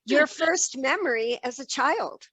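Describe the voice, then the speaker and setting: A woman's voice: high-pitched, animated, measured pace, sharp tone, no echo. Eager woman host asking questions. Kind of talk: conversational interview.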